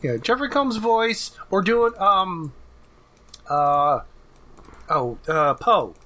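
A man co-hosting a casual chat about cartoons, animated and quick to laugh. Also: sits high. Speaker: podcast co-host.

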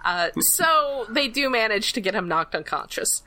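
Bright-voiced woman recapping a cartoon. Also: fairly high pitch, very animated, moderate pace, low-quality recording. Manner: chatty, laughing often, many "uh" fillers. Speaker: podcast co-host. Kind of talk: casual episode recap.

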